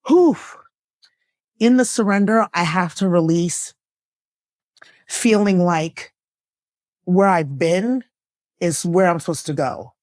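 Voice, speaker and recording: A woman guest, an actress and lifestyle coach, speaking earnestly and reflectively in a candid conversation, her voice jumping up when she laughs or gets excited. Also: slow, long pauses, no room sound, studio quality. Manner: earnest and reflective, with bursts of laughter and pitch jumps.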